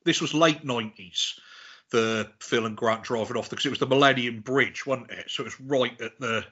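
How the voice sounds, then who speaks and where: A man's voice: medium pitch, normal speed, bright, forceful tone, breathy edge, muffled recording. A man in his forties telling rambling, sweary stories in a casual podcast chat. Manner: rambling, sweary storytelling with restarts. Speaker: podcast guest.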